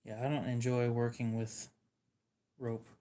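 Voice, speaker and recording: Man, monotone, very flat, casual livestream talk, knife seller. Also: medium pitch, measured pace.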